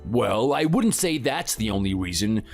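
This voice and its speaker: Man voicing a sneering muscle-bound bully, lively pitch, taunting, synthetic texting-story read, faint music. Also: moderate pace. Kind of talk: text-to-speech texting story.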